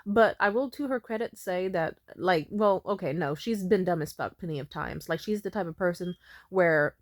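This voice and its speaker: A woman in her twenties telling a story in a blunt, profane, animated way, as a vlogger. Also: fairly low pitch, normal speed, no echo, clean studio sound. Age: 20s. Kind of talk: casual storytime monologue.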